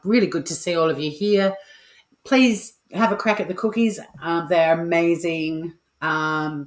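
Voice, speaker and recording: Low-voiced Australian woman chatting on a home livestream. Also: roomy sound. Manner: chatty, swears freely, playful asides to viewers. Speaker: cooking livestream host. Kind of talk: casual livestream chat. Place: home kitchen. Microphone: home mic.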